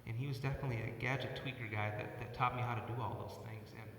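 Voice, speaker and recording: A middle-aged man, a church worship leader, giving a personal eulogy for his father, pausing and repeating words as he tells stories. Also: mid-range voice, fairly even intonation, fairly bright tone, a little hiss or hum. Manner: halting, often repeats words; personal storytelling. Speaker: eulogist, son of the deceased. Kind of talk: funeral eulogy. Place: church sanctuary. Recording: echoey church hall from far off.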